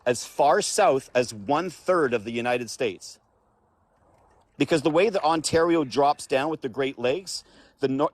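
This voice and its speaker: A man from Canada with a Canadian accent, a guest who tells stories in a laughing, animated way during casual chat. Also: on the high side, dry recording. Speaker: podcast guest.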